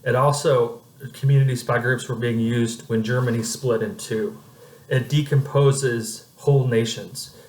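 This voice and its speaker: A man's voice: mid-range voice, steady tone, unhurried, darkish tone. Rambling man in an echoey room. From Oregon, United States. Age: 40s. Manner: rambling, with frequent hesitant fillers. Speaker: vlogger. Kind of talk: casual monologue to camera.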